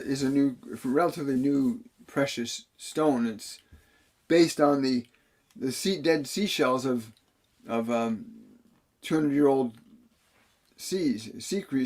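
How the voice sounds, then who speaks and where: A man's voice: medium pitch, darkish tone. A man working as a spiritual medium, reading viewer questions on a live stream and answering them earnestly, often repeating key phrases. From Canada.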